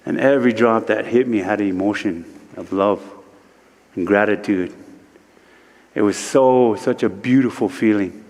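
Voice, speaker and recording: A man from Standing Rock telling a spiritual vision story at a worship service in slow, short phrases, his voice rising sharply whenever he quotes someone. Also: fairly low pitch, a little mellow. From Standing Rock, United States. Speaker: guest speaker, spiritual teacher. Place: church sanctuary. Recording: long reverb of a large hall.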